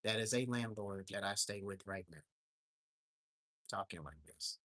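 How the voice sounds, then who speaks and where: A man's voice: fairly low pitch, measured pace, pushed and bright, no room sound. A man hosting a casual livestream, telling a story in an indignant, ranting way. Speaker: livestream host. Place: home in Alaska.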